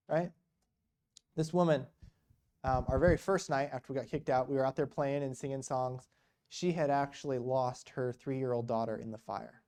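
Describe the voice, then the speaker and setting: Guy preaching at church, dark mellow voice, chatty storytelling, lots of "you know" and "right?". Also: medium pitch, moderate pace. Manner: conversational, full of rhetorical questions and "you know". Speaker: guest speaker at a church. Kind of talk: storytelling sermon.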